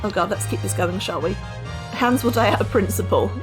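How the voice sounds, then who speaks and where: A woman's voice: mid-range voice, brisk, music in the background. A woman streaming a game live, chatting casually and answering her viewers. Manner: chatty, animated, reads and answers chat.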